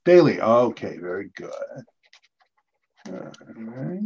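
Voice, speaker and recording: Host, man, lively playful chatter, dull lo-fi call sound. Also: lowish voice, takes it slowly, husky. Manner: chatty, playful, sings snatches. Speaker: trivia show host. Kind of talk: casual chat over video call.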